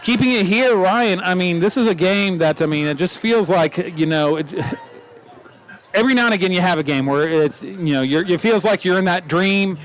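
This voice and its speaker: A man calling a live high school football game play by play, quick and joking as he corrects himself. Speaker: play-by-play announcer.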